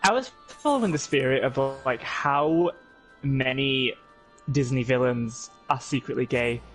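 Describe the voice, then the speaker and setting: A friend chatting casually during a game stream, trading dry, quick quips. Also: mid-range voice, soft background music, rough recording. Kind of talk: casual chat while gaming.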